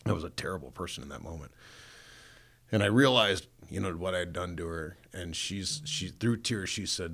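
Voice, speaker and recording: Deep, gravelly middle-aged pastor. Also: male voice, moderate pace, a bit bright. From Northern Illinois. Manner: earnest storyteller, self-mocking, frequent restarts. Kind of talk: personal testimony in an interview. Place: recording studio.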